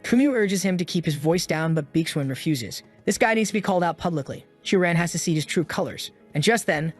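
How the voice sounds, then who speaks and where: A man's voice: fairly high pitch, expressive, brisk, faint music behind. Wry male story recap narrator.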